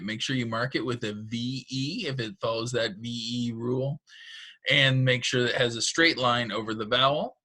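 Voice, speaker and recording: A man teaches a recorded phonics lesson. He talks families through a worksheet one careful step at a time. His voice is bright, with a crisp, forward ring. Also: mid-range voice. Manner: patient, step-by-step instructions.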